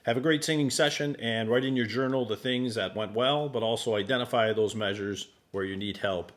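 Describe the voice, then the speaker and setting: A man leading a singing warm-up lesson as a voice teacher, calm and encouraging. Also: medium pitch, a little fast. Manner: calm, encouraging instructor, demonstrates sung vowels. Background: piano accompaniment.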